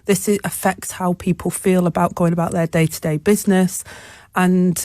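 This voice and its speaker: A woman's voice: lowish voice, steady tone, moderate pace, warm tone, no room sound. Earnest woman hosting radio. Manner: earnest, with frequent restarts. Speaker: radio phone-in host. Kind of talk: radio phone-in chat. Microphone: studio microphone.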